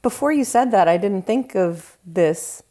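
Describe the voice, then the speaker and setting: A woman's voice: medium pitch, lively intonation, a little slow, crowd noise. A woman co-hosting a casual movie-review podcast, with playful, giggly banter. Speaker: podcast co-host.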